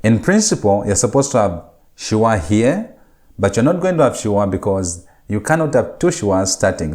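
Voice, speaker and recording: A man's voice: fairly low pitch, sing-song, normal speed, darkish tone. A man giving a recorded Hebrew grammar lecture, working through rules step by step and repeating key points. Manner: methodical, repeats key points and numbers steps.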